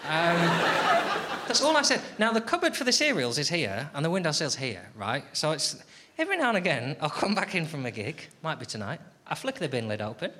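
A man's voice: on the high side, huge pitch swings, brisk, heavy background noise. A man performing a stand-up comedy routine, slipping into an exaggerated sing-song voice when he mimics how he talks to his housemates. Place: comedy venue with a laughing audience. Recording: live comedy club recording with loud audience laughter. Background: loud audience laughter.

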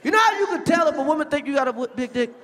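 A man performing a profane stand-up comedy set in front of a live audience, with a loud, punchy delivery. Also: very high-pitched, lively intonation, racing. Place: large theater stage with live audience. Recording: echoey live venue, crowd noise.

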